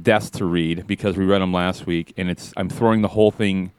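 A man's voice: deep voice, steady tone, brisk, clean tone, no room sound, clean studio sound. A man hosting a podcast in casual chat, rambling and self-deprecating. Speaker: podcast host.

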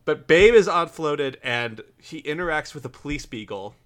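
A man's voice: a little high, lively intonation, normal speed, fairly bright tone. A man hosting a podcast, rambling as he retells film scenes in casual chat. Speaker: podcast host.

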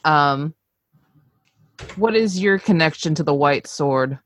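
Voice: medium pitch, expressive, slow pace, a bit bright, no echo. Chatty tabletop player, dry sound. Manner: chatty, laughs between phrases. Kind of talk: casual role-play narration.

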